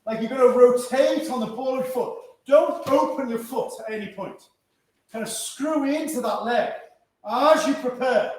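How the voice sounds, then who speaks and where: Man, karate instructor, instructive, checks in with "yeah?", high voice, echoing hall. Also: moderate pace, a little mellow. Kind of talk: teaching a martial arts class. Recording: echoey room from a distance.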